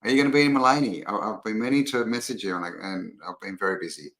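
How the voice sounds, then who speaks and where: A man's voice: on the low side, quick pace, fairly bright tone, poor audio. An Australian man hosting a casual livestream, rambling chattily and greeting viewers by name as he reads their comments. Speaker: livestream host.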